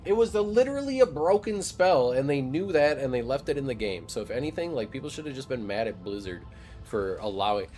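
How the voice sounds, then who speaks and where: A man's voice: mid-range voice, expressive, fairly quick, darkish tone, faint music behind. A young man chatting casually with his live stream audience, loose and joking, with frequent swearing. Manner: loose, profane, joking banter with chat. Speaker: game streamer.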